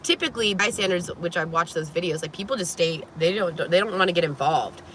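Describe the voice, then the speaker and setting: A woman vlogger recounts a story from inside a vehicle, her voice bright and ringing. She talks in an animated, profane rush, breaking into laughter and coughs, with a faint hum of ambience behind her. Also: fairly low pitch, fast talker. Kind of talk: casual storytelling to camera.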